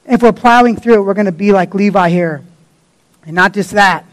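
A man's voice: high-pitched, brisk, poor audio. A man preaching a sermon in a fervent, blunt and colloquial way.

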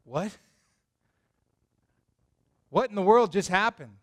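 In a sermon, a pastor with a voice that sits high speaks at a slow pace. He retells a Bible story animatedly, in a conversational style, and addresses questions to his audience.

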